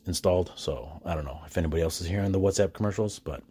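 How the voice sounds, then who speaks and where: A man hosting a casual solo podcast from his quiet house at night, talking in a chatty, animated way with frequent restarts and quick laughs. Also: low voice, breathy edge. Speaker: podcast host.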